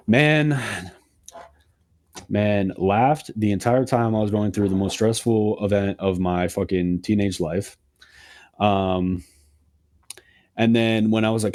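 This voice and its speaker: A man in his twenties on a podcast, telling a story in an animated, profane rant and acting out what people said. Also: lowish voice, takes it slowly, long pauses. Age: 20s. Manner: animated, profane ranting with acted-out quotes. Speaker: podcast co-host. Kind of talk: casual storytelling chat.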